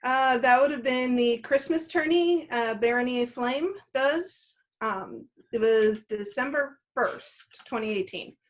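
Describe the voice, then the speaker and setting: A woman's voice: a little high, a little slow, few pauses. A woman in her thirties, a guest on an interview show, answering in an easygoing way with frequent "uh" and "um". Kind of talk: casual interview.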